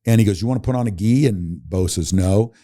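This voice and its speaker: A middle-aged man telling a story as a podcast guest, animated and laughing, acting out the people he quotes. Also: lowish voice, fairly quick. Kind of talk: casual storytelling.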